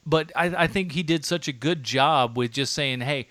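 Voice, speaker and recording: A man chats casually on a movie podcast, his voice bright and close to the mic with no room sound. He stops and restarts often and laughs easily. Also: on the high side, dry recording. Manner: halting, many restarts and fillers, laughs often. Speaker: podcast co-host. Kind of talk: casual movie-review chat.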